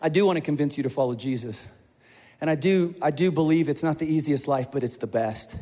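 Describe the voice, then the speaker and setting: High-voiced pastor preaching in a hall. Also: male voice, brisk. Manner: animated storyteller acting out quoted voices. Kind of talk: sermon. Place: church hall. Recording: long hall reverb.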